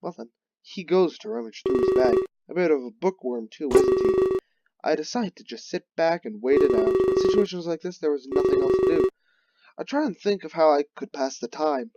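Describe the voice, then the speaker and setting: A man's voice: a little high, wildly swooping pitch, brisk, muffled recording, heavy background noise. A man playing a visual novel, reading the narration aloud and dropping wry, joking asides. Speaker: video game player. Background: loud game music.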